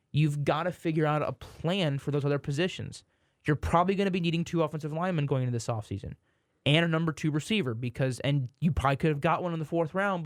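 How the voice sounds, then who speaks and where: Rambling, higher-voiced man. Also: no echo, studio quality. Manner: rambling, self-correcting, exasperated. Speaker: sports podcast co-host. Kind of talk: casual sports chat.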